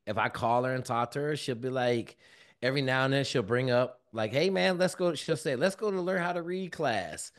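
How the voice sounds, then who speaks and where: A man, a guest on an interview show, telling a personal story in casual, slangy speech and acting out the voices of people in it. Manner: animated, acts out quoted dialogue with big pitch jumps; colloquial, relaxed slang. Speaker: guest, former Navy SEAL and mentor.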